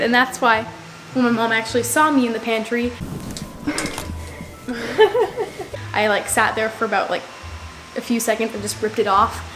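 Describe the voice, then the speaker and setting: A woman's voice: fairly high pitch, a bit bright. A young woman telling a personal story to the camera in a casual, rambling way, full of "like". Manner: rambling, heavy use of "like". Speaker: vlogger.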